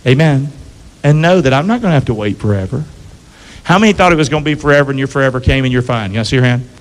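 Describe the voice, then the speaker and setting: A man's voice: mid-range voice, lively intonation, quick pace. A pastor preaching a sermon to his church, calling out questions for the congregation to answer back and asking them to repeat lines. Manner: call-and-response preaching, asks congregation to repeat. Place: church sanctuary. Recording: long hall reverb.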